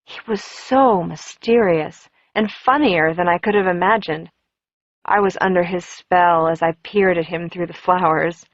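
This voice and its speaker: A woman reading a first-person audiobook in a measured storytelling manner. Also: on the low side, no echo, lo-fi sound. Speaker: audiobook narrator.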